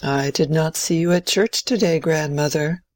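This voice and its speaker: A woman's voice: deep voice, normal speed, a little mellow, no room sound, close to an everyday voice. A woman playing a strict old grandmother. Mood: prim. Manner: stern, scolding. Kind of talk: amateur play reading.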